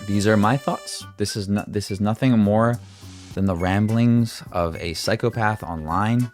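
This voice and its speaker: A young man excitedly telling a story-time vlog, swinging between loud outbursts and hushed asides, with some swearing and stammering. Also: lowish voice, unhurried, faint music behind.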